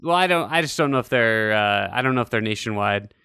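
A man with a bright, crisp, clear voice tells rambling, self-deprecating stories on a casual podcast and swears along the way. The sound is dry and close, with no room echo. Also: fairly low pitch, lively intonation, fast. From Utah. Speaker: podcast host.

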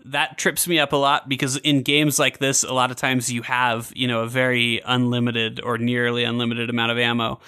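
A man hosting a podcast in a loose, casual chat, with plenty of ums and restarts. His voice has a bright, forward tone at a middle pitch. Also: clear, resonant tone. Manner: relaxed, filler-heavy, self-correcting. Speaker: podcast host. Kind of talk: casual game review chat.

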